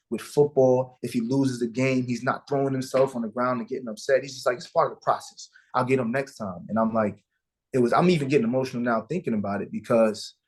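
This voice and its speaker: A man with a slightly husky, breathy voice talks as an interview guest. He tells a personal story in an earnest, emotional way and acts out the lines of the people in it. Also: medium pitch. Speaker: guest, father of sons.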